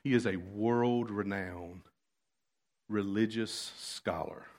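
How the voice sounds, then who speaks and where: A man preaching a sermon, dropping to quiet asides and then rising to loud, fervent passages. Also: lowish voice, takes it slowly. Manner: swings from hushed asides to loud impassioned preaching.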